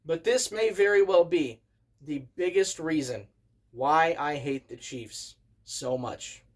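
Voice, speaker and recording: A man in his thirties, a vlogger telling a story in an excitable, animated way as a casual rant. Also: on the high side, takes it slowly. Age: 30s.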